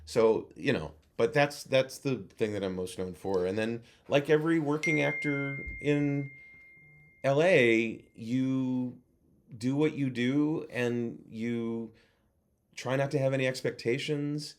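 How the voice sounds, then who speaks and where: A man, a guest actor and voice-over coach, telling lively anecdotes in a casual interview over a video call. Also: mid-range voice, a little slow. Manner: animated anecdote teller who acts out other voices.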